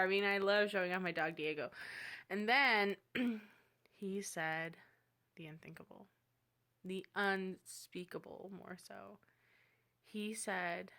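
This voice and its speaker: Young woman, vlogger, bright clear voice, chatty, dramatic storytelling. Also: medium pitch, a little slow. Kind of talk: casual storytelling vlog.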